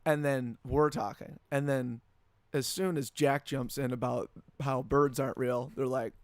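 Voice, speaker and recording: Guy on a podcast, kinda hoarse, teasing his buddies, dry close sound. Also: medium pitch, steady tone, measured pace, no room sound. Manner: teasing, exclaiming. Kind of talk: casual chat.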